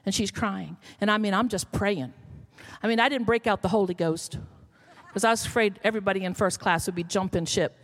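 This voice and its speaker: A woman's voice: mid-range voice, fairly quick. A middle-aged woman pastor, telling a story in a sermon that builds to emphatic calls.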